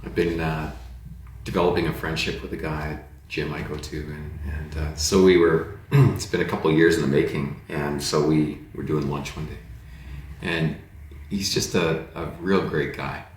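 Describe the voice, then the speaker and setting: A man's voice: extremely low pitch, moderate pace. Man telling stories in an echoey room. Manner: lively anecdotal, jokey asides. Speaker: guest pastor. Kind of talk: casual storytelling conversation.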